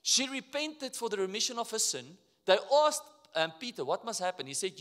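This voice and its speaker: A man with an Afrikaans South African accent preaching in a church, his voice sitting high and swinging widely in pitch. The sound rings with long reverb from a large hall. He tells stories with lively energy and slips into quieter asides. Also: moderate pace. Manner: animated, storytelling, drops to quiet asides. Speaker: pastor. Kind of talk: sermon. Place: church auditorium.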